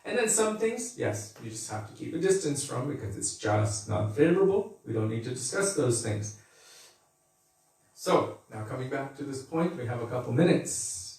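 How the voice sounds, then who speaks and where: A man's voice: medium pitch, very animated, normal speed, a little mellow. A man giving a conversational devotional scripture class, laughing at times and acting out quotes. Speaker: spiritual teacher giving a class. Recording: echoey room, mic far off.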